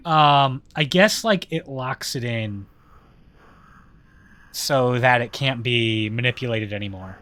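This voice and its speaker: A man's voice: mid-range voice, slow, a bit bright. A man streaming live gameplay, chatting and laughing often, trailing off mid-sentence.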